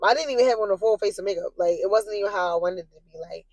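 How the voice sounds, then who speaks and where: Young woman vlogger, mid pitch, animated and profane storytime rant to viewers, flares into shrill yelling; dry, close recording. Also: racing, no room sound. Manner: rises into shrill yelling when reliving anger.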